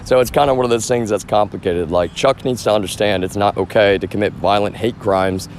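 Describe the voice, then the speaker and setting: A man's voice: on the low side, steady tone, a little fast. Agitated man ranting on a street livestream. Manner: agitated, rambling, heavy swearing, addresses viewers as "y'all". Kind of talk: outdoor livestream rant. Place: outdoors on a street. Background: traffic.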